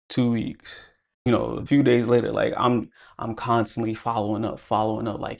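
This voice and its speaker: A man's voice: mid-range voice, little pitch movement, moderate pace, gravelly, a little mellow. A young man telling a personal story to camera in a casual, reflective way, full of "like" and "you know". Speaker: vlogger.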